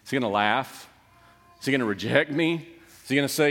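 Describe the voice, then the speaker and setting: A man's voice: medium pitch, brisk, a bit bright. A middle-aged man preaching a sermon, telling a personal story in a conversational, self-deprecating way. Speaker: pastor. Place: church sanctuary. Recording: long reverb of a church hall.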